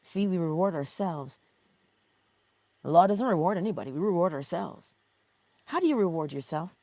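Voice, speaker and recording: A woman's voice: fairly low pitch, expressive, normal speed, mellow, no echo. A middle-aged woman hosting a spiritual teaching livestream, reading viewer chat, affectionate, laughing often and slipping into whispers.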